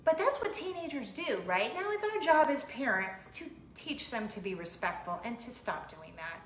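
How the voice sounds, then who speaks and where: A woman's voice: on the high side, sing-song, normal speed, hardly any pauses, a bit bright. A middle-aged woman hosting a casual chat vlog, bubbly and giggly as she chats about parenting. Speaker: host, mother. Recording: roomy room with faint hum.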